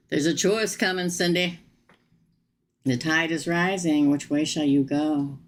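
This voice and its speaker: A woman reading tarot on a live stream, chatty and animated, laughing often. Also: sits low, slow, slight background noise. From United States. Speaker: tarot reader.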